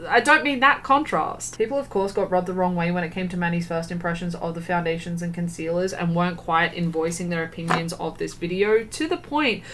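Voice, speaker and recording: A woman's voice: on the low side, fairly quick, few pauses, a bit bright, a little hiss or hum. A woman doing casual commentary, exasperated and sarcastic, swearing freely and laughing often. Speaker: beauty commentary YouTuber.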